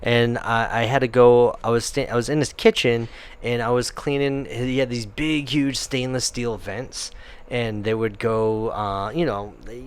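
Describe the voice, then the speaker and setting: A man co-hosting a podcast, chatting casually and telling stories with lively acted-out quotes and frequent laughter. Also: medium pitch, measured pace, clear, resonant tone. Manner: animated storyteller, acts out quotes, laughs often. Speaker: podcast co-host. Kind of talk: casual chat.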